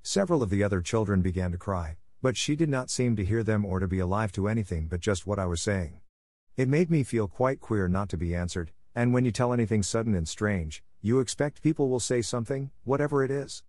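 A man's voice: on the low side, expressive, brisk, darkish tone, no echo, clean studio sound, close to an everyday voice. A man voicing a flustered spinster sister who chatters in bewilderment. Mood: bewildered.

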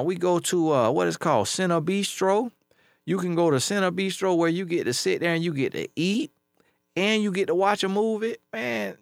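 A man's voice: high voice, gravelly, no echo, clean studio sound. A man who works as a life coach, talking casually and bluntly, hammering points home by repeating them. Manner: emphatic, repeats key phrases, blunt street-talk advice. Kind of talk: casual advice commentary.

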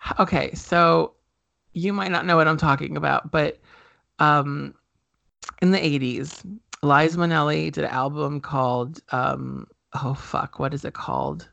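A man's voice: fairly high pitch, unhurried, vocal fry, bright, forceful tone, dry recording, dull audio. A man co-hosting a podcast in casual chat, rambling with many fillers and self-corrections. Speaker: podcast co-host.

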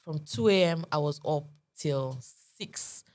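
A woman's voice: low voice, a little slow, darkish tone. A woman co-hosting a podcast, telling a personal story in casual chat and acting out the quoted lines. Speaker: podcast co-host.

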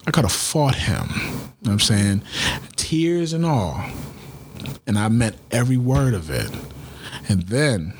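A man in his thirties telling a personal story in casual talk, animated and acting out the dialogue he quotes. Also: on the low side, measured pace, long pauses, a little hiss or hum.

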